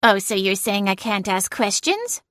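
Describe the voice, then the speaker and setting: A woman's voice: mid-range voice, big pitch swings, measured pace, fairly bright tone, dry recording, clean studio sound. A woman voicing a snarky, nosy female talking cat in an audiobook, grumbling and blunt. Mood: defensive. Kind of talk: audiobook character voice.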